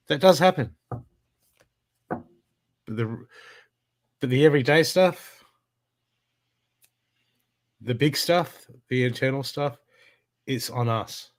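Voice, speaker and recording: A man giving a live spiritual card reading, talking in an emphatic, repetitive coaching way. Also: medium pitch. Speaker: intuitive card reader.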